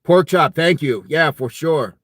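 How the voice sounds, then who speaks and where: A man's voice: fairly high pitch, measured pace, a bit bright, no echo, clean studio sound. A man hosting a casual fitness live stream, reading viewer comments aloud in a jokey, friendly way and laughing often.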